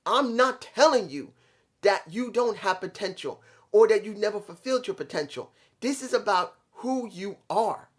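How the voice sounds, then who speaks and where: Proud veteran wrestler, voiced by a man, measured and solemn. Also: sits high. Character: veteran male wrestler welcoming fans home, proud.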